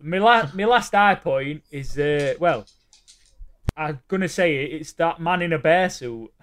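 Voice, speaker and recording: A man's voice: a little high, animated, a little slow, a bit bright, slight background noise. A man in casual chat with friends, enthusiastically retelling film scenes and laughing. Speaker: podcast co-host.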